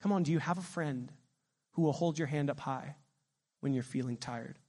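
Middle-aged male pastor, lively preacher who quizzes the congregation; high pitch, reverberant church hall. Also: moderate pace. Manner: animated preaching, asks the congregation questions. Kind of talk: sermon.

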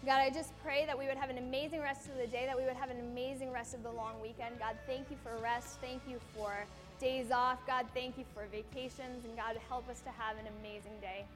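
Woman preacher, earnest, somewhat high voice, church hall reverb. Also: steady tone, fairly quick, hardly any pauses, over music. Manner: earnest, repetitive, addresses God directly. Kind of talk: sermon and closing prayer.

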